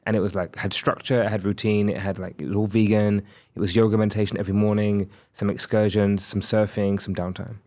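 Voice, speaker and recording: Low-voiced man telling a personal story. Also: level tone, brisk, hardly any pauses, mellow. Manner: candid, reflective, acts out quoted dialogue. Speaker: podcast guest.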